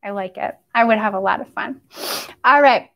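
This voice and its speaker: A woman's voice: fairly high pitch, moderate pace, gravelly, lo-fi sound. A young woman leading a toddler story time, playful and sing-song, with animal noises and sound effects.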